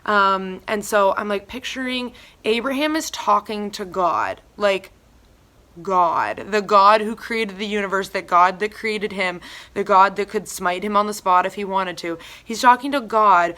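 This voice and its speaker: A young woman giving a casual church devotional, reading scripture and then talking it through in a chatty way full of fillers. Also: mid-range voice. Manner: chatty, filler-heavy, animated retellings.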